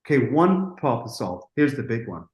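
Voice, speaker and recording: Brief: middle-aged producer, animated storytelling, medium pitch, echoey room. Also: male voice, moderate pace. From Denmark. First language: Danish. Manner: animated, acts out quotes, restarts often. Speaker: music producer guest. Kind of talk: storytelling in an interview. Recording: roomy echo.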